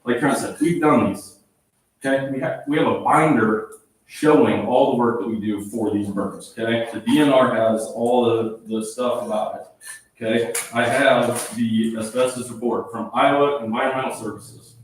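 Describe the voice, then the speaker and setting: A man's voice: mid-range voice, fairly even intonation, moderate pace, slight background noise. A man who leads a local fire department, speaking firmly at a town council meeting and often asking "okay?". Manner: firm, defensive, repeats "okay?". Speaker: volunteer fire chief. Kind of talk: public comment at a council meeting. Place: small town council chamber. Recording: echoey room from far off.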